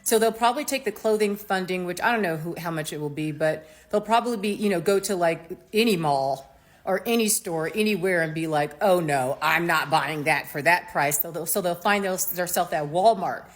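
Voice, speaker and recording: A woman from the United States giving a casual opinion monologue as a commentator, animated and mocking, with slangy asides. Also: lowish voice, brisk.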